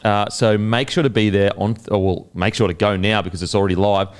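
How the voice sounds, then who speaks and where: Aussie bloke hosting a podcast, deep dopey voice, lowish pitch, swears a lot. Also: male voice, quick pace, clear, resonant tone. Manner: brash, swears freely, animated storytelling. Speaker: podcast host. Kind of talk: casual chat. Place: studio.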